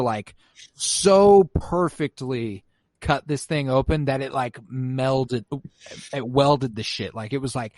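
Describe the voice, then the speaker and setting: A man's voice: mid-range voice, a little mellow, no echo. Profane young male podcast co-host. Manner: casual and profane, quoting characters in mock voices. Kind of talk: casual episode recap.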